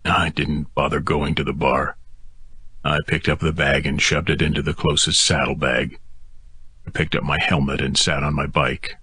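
A man reads a first-person audiobook in a steady, intimate way. His voice is very deep and markedly husky, with a bright, forceful edge. The close mic sounds dry. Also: moderate pace, no echo. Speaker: audiobook narrator.

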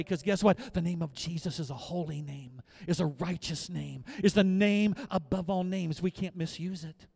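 A middle-aged pastor with a high, gravelly voice preaches a sermon. He sinks into quiet, confiding asides, then builds to loud, repeated declarations for emphasis.

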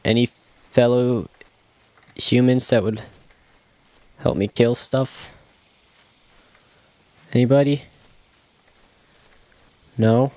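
A young man chats his way through a gameplay session, joking at his own expense and talking to himself as he goes. His voice sits in an ordinary middle pitch, and his delivery is loose and off the cuff. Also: steady tone, very slow, pauses often, warm tone, no echo. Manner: chatty, talks to himself, jokey and self-mocking. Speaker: gameplay commentator. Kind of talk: casual let's-play commentary.

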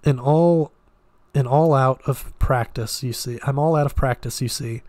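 A man's voice: medium pitch, a little slow, darkish tone, dry recording, lightly acted. Flustered, stammering young man, voiced by a man. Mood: apologetic. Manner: fumbling, apologetic. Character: flustered, embarrassed young houseguest.

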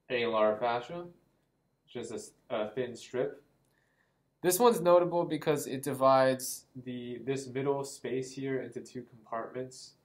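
A man's voice: mid-range voice, low-quality recording. A man giving an anatomy lesson, explaining as he draws, with frequent ums and small self-corrections. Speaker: anatomy lecturer. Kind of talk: drawing-board anatomy lesson.

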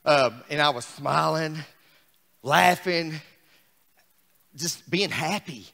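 A man preaching a sermon as pastor, exuberant, swinging between shouts and quiet asides. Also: on the high side, slow, creaky, long reverb tail. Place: church sanctuary.

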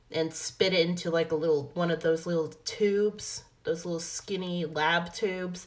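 A young adult woman talking casually to her viewers in a vlog, rambling and correcting herself often, recorded on a phone. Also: on the low side. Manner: rambling, self-correcting, many fillers. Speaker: vlogger. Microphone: phone camera mic.

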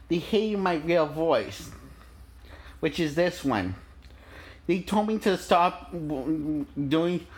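A young man recording a casual video message in a soft, childlike voice, with halting restarts and repeated words. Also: a little high. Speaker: vlogger.

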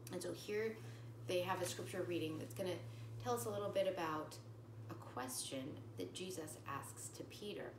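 A woman religion teacher reading scripture aloud slowly and carefully, then explaining it plainly to children with a few fillers. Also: fairly low pitch, background noise. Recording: echoey room, voice from far off the mic.

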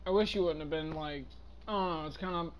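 A man's voice: a little high, brisk, dull audio, background noise. A man mocking a stranger in a game's voice chat, rambling and sarcastic. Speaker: streamer playing with strangers. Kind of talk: casual trolling game chat.

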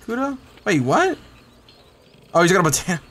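A young man streaming a game live, chatting excitably with viewers and swearing often. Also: high-pitched, normal speed, slight background noise. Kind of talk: live gameplay commentary.

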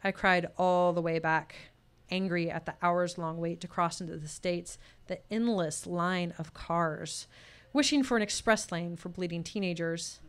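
A woman's voice: lowish voice, fairly even intonation, measured pace, clean tone. A woman telling a personal story at a live storytelling showcase, voicing the people in it as she goes. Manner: personal story told with tense quoted dialogue.

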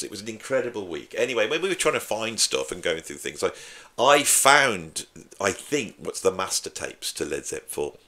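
A man's voice: low-pitched, fairly bright tone. A man, a drummer hosting his own channel, talking casually and opinionatedly to camera with a joking edge. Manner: chatty, opinionated, jokey. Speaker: YouTube host and drummer.

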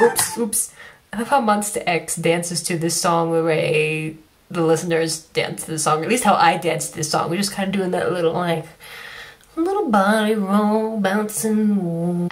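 A woman giving an excited, gushing live reaction to a music video, often cutting herself off. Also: lowish voice. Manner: gushing, excitable, self-interrupting. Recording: faint music behind. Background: faint music.

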